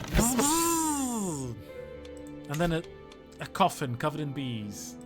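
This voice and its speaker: A man livestreaming a strategy game, his pitch lively and bouncing up and down as he jokes. He chats with his viewers in a loose, casual way, and music plays steadily behind his voice. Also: moderate pace. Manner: joking, chatty, talks to viewers. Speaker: historian streaming a strategy game.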